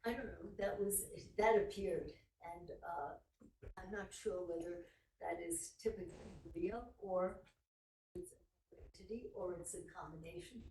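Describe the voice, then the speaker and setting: Halting woman witness in an echoey courtroom. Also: on the low side, mellow, a little hiss or hum. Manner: halting, searching for words. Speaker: trial witness. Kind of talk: courtroom testimony under cross-examination. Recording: distant, echoey courtroom audio.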